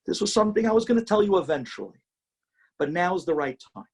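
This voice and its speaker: Brief: tender blind husband, husky and earnest, voiced by a man. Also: high voice, animated, quick pace, darkish tone, voice pushed up, heavily acted. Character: devoted blind husband, gentle and selfless.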